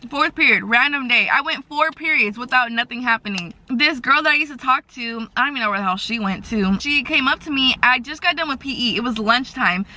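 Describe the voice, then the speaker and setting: A young woman telling a casual storytime vlog in a chatty, animated way, full of filler words. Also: sits high, brisk, hardly any pauses. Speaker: vlogger.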